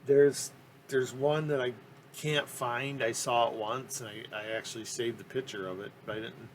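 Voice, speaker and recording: A man's voice: medium pitch, steady tone, normal speed, a little hiss or hum. Rambling, enthusiastic man collector. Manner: rambling, with many ums and restarts. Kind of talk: casual interview talk.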